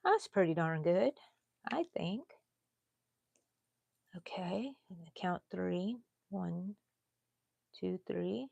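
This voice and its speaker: A woman of sixty with a Texan accent, hosting a live crochet stream in a casual, chatty way and dropping to low mutters and whispers as she counts stitches. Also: lively intonation, takes it slowly, gravelly, long pauses, darkish tone, no echo, dull audio. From Texas. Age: 60s.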